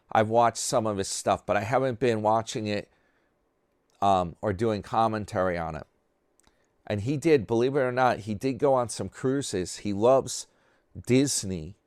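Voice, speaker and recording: A man's voice: mid-range voice, no echo, studio quality. A man hosting a commentary channel, talking casually and sarcastically in a rambling way about another creator.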